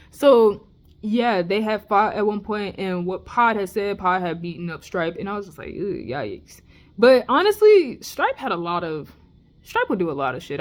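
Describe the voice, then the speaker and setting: A young adult woman telling a casual storytime vlog, gossiping in a profane, expressive way with slangy asides. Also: mid-range voice. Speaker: vlogger.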